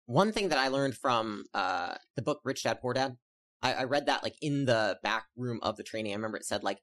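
A young woman, an entrepreneur guest, chatting casually and telling her story in quick, rambling sentences full of fillers. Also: a bass voice, expressive, a bit bright. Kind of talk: casual interview chat.

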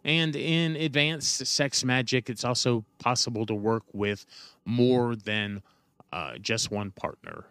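A man hosting a solo podcast, talking through his material with a smooth, resonant voice at an ordinary middle pitch. He explains loosely and often pauses on fillers or corrects himself mid-sentence. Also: fairly bright tone, no echo. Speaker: podcast host.

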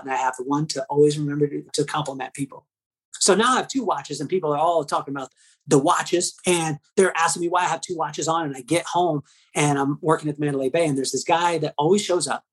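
Fast-talking husky man telling a story. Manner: fast, lively, acts out dialogue with shifting pitch. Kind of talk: animated personal storytelling.

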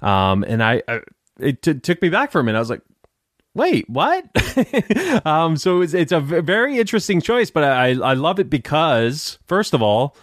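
A man hosting a casual interview, talking haltingly with many fillers and restarts. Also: fairly high pitch, sing-song, no room sound, clean studio sound. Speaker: podcast host.

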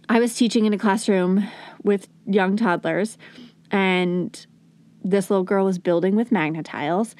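With no room sound, a woman hosting a parenting podcast speaks in a medium-pitched, slightly mellow voice. An educator on parenting, she coaches earnestly in conversational teaching talk and at times voices soothing words as if to a child.

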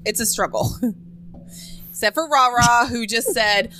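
A woman's voice: a little high, a little slow, pushed and bright, a little hiss or hum. A woman co-hosting a podcast, chatting casually in a teasing, sarcastic, joking way. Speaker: podcast co-host. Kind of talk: casual chat.

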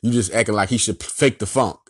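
A man with a Philadelphia accent hosting a sports podcast, ranting in an animated, emphatic, slangy way and repeating his points. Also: lowish voice, fairly quick, slightly rough, dry recording, studio quality. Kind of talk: casual sports rant.

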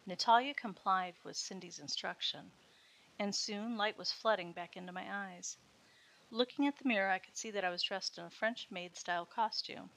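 A woman reading a first-person story aloud as its narrator, in a steady storytelling manner. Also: medium pitch, moderate pace, gravelly. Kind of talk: scripted erotic story narration.

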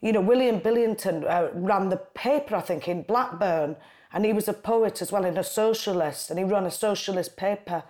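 A woman in her forties from Bolton, Lancashire, with a Bolton accent, is a guest writer and comedian in a casual conversation. She is a lively, animated, chatty storyteller who quotes voices, speaking at a medium pitch and normal speed.

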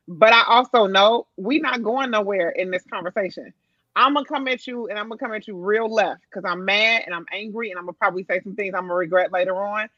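A woman's voice: medium pitch, sharp tone, no room sound. A woman in a casual podcast chat, speaking candidly and often laughing. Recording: dull, dry recording.

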